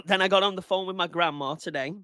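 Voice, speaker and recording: A man's voice: sits high, fast, pushed and bright, clear, resonant tone, no room sound, studio quality. A man in his thirties in casual podcast chat, heated and ranting, swearing freely. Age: 30s. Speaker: podcast guest.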